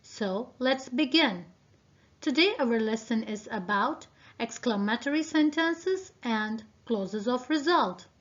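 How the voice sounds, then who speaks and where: A woman teacher giving a recorded video lesson, speaking deliberately and addressing her students directly. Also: on the high side, lively intonation. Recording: dull lo-fi video audio.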